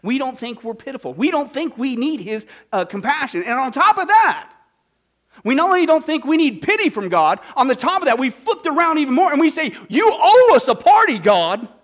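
A preacher from Kansas with a high-pitched voice, delivering a sermon full of drama. He swings from loud, shouted bursts to quiet, hushed asides and acts out the characters in his story. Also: very animated, a little fast. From Kansas, USA.

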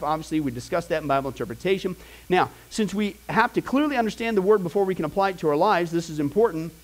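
A middle-aged man teaching a Bible class in a high, lively voice. He talks to his students casually, asks them questions and acts out the people he quotes. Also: rough recording.

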